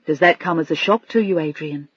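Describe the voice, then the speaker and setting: A narrator voicing a gentle, protective man who speaks calmly and reassuringly. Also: high-pitched, moderate pace, dry recording, highs cut off.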